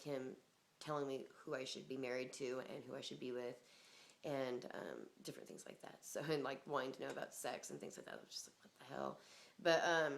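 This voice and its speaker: A woman's voice: low voice, vocal fry. A woman telling a personal story in a rambling, casual way, full of fillers, swearing and laughter.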